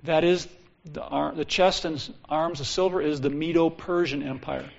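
A man preaching a Bible teaching sermon, reading old scripture slowly and solemnly, then explaining it in casual asides. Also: a little high, steady tone, gravelly. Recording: dull lo-fi recording.

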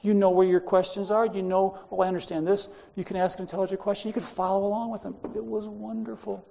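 Gravelly high-voiced male Bible teacher. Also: level tone, quick pace, dark tone, dull audio, slight background noise. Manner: chatty, addresses students directly. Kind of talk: classroom lecture with personal stories. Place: classroom.

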